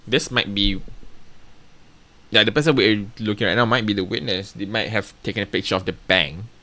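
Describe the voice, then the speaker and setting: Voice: sits low, brisk, bright, forceful tone. A streamer casually commenting while playing a story game, thinking aloud and joking about their own voices.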